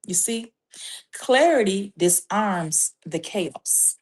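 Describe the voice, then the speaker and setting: Slow, measured Christian life coach woman. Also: medium pitch, animated. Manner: measured, emphatic, lists steps with scripture. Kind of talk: faith-based parenting advice talk.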